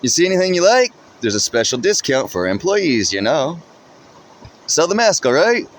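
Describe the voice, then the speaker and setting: A man voicing a loud, jolly middle-aged male shopkeeper in a storybook reading, talking theatrically from behind a mask. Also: sing-song, moderate pace, a little hiss or hum. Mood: cheerful. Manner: booming, theatrical.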